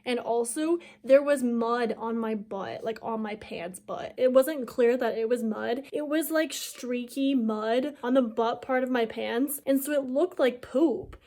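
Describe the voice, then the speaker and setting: Young woman vlogger, twenties, casual storytelling, lots of "like", higher-pitched. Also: unhurried, hardly any pauses, dark tone. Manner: chatty, self-mocking, heavy "like" filler. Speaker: YouTuber.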